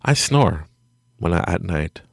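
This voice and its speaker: A man's voice: low voice, sing-song, measured pace, gravelly, dry recording, studio quality. A middle-aged man hosting a podcast from home at night, giving a rambling, self-deprecating motivational talk and laughing often. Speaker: podcast host. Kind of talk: casual motivational monologue.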